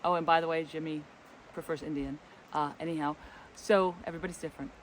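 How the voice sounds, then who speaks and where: A man's voice: fairly high pitch, fairly even intonation, quick pace, low-quality recording. A man casually telling a story outdoors as co-host of a travel vlog, rambling along and acting out the dialogue. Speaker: co-host of a spiritual travel channel. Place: outdoors in a forest, windy. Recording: light wind and outdoor background noise.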